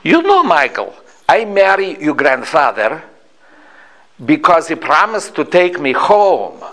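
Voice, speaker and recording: A man's voice: a little high, very animated, slow pace, a bit bright, exaggerated voice. A dry, plain-spoken old grandmother in her nineties, as a man puts her on in his story, speaking broken English in a thick Ukrainian accent. Her voice sits well above his own and swoops up and down, a touch distant from the mic. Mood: wry. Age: 90s. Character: frail elderly immigrant grandmother, blunt and wry.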